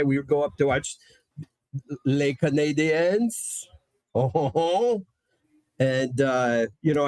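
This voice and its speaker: This Connecticut man has a medium, darkish voice with no room sound. As a guest presenter on a podcast, he tells rambling stories in a relaxed way, packed with fillers and frequent restarts.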